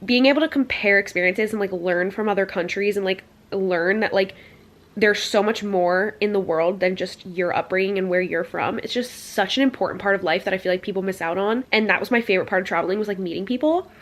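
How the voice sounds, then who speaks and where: A young woman in her twenties telling a travel story in a casual vlog, rambling and animated, with lots of "like.". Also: mid-range voice, a little fast. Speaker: vlogger.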